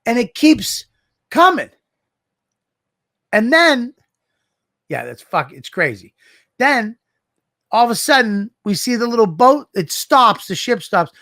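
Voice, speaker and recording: A man co-hosting a podcast, telling a profane, animated story in casual banter on a studio microphone. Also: very high-pitched, slow pace, long pauses, no room sound. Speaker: podcast co-host.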